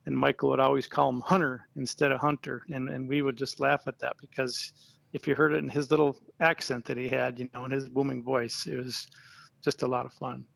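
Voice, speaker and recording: A middle-aged man from Wisconsin answering interview questions in a loose, rambling way, full of fillers and restarts. His voice is heavily gravelly with constant vocal fry. The sound is dry and close, with no room around it. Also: mid-range voice, a little fast, dry recording. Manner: relaxed, rambling with many fillers. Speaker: interview guest, sign painter. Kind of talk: casual phone-style interview.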